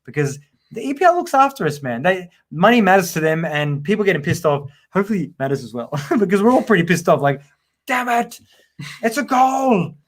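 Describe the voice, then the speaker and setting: A man's voice: on the high side, big pitch swings, fast. Chatty, emphatic man co-hosting. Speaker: podcast co-host. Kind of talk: casual live-stream chat.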